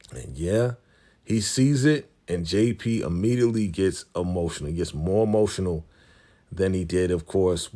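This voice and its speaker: A man with a deep, low voice talks through a TV episode in a loose, casual recap. He uses street slang and acts out the characters' lines as he goes. He calls his viewers family. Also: darkish tone. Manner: street slang, retells scenes with quoted lines. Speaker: YouTube TV recap host.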